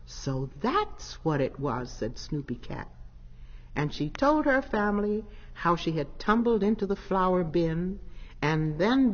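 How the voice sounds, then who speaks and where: A woman narrating a children's story from a script in a slow, earnest, expressive way. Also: fairly low pitch. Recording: dull 1960s LP with long reverb.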